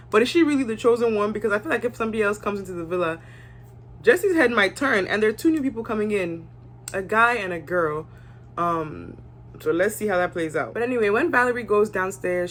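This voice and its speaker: A woman's voice: mid-range voice, a little hiss or hum. A young woman giving casual, candid commentary on a reality show, sometimes acting out the cast's lines. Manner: chatty, candid, acts out cast members' lines.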